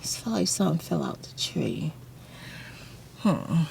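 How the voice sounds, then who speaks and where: A woman's voice: low-pitched, sing-song, a little slow, gravelly, darkish tone, a little hiss or hum. A woman casually telling an emotional personal story, repeating phrases and acting out voices. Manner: emotional, repeats phrases, acts out screams and quotes. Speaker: ASMR vlogger.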